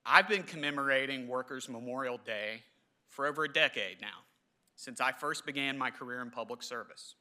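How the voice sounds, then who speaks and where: A man, giving a halting, emotional memorial ceremony speech in a large hall. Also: mid-range voice, sharp tone. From southern West Virginia. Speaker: government official speaker.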